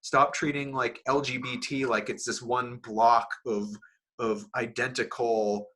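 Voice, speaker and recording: A man's voice: mid-range voice, little pitch movement, unhurried, a bit bright. A young man hosting a casual podcast chat, rambling with many fillers and restarts. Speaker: podcast host.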